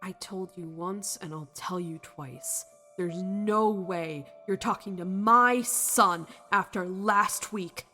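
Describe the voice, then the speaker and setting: A woman's voice: medium pitch, slow, bright, forceful tone, soft background music. A woman voicing a stern, protective mother who speaks firmly and in clipped phrases. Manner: firm and clipped.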